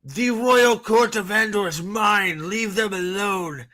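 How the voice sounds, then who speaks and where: A man putting on a high, melodramatic voice for a scheming, possessive male villain lord. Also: takes it slowly, exaggerated voice. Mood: outraged. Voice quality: high put-on voice, sometimes shouted. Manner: mocking, melodramatic.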